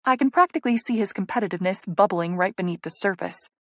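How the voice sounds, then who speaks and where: A woman's voice: mid-range voice, fast talker, a bit bright, no room sound. A woman narrating a first-person romance audiobook in an intimate, playful way, on a close studio mic.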